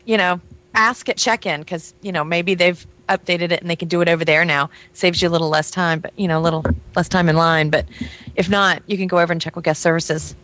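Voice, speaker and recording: A woman's voice: fairly low pitch, steady tone, a little fast, fairly bright tone. A woman co-hosting a call-in show, giving helpful advice in a chatty way. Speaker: co-host, travel agency. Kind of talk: casual chat.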